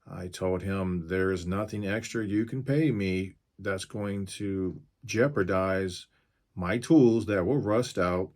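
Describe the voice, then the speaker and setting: A man's voice: low-pitched, takes it slowly, darkish tone. A mobile mechanic in his fifties tells the story of a pushy customer's phone call to camera, in a firm, blunt and straight-to-the-point way.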